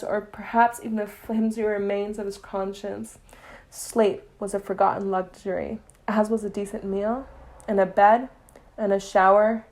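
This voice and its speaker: A young woman reading a story aloud in a relaxed, casual way. Her narration stays soft and quiet, and she lets small slips of the tongue slip through. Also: medium pitch. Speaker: fanfiction reader.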